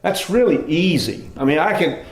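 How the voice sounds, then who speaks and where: A middle-aged man preaching a sermon as pastor, in a relaxed conversational storytelling manner. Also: on the high side, moderate pace. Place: church sanctuary. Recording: echoey church room.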